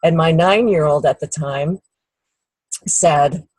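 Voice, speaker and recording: Husky woman telling a personal story. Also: sits low, slow, no room sound, poor audio. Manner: warm anecdotal storytelling, acts out quoted people. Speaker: guest speaker. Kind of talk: storytelling on a team call.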